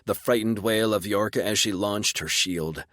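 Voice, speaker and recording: A man's voice: on the low side, normal speed, fairly bright tone, no echo. A man narrating a first-person sci-fi audiobook with a dry, sardonic delivery.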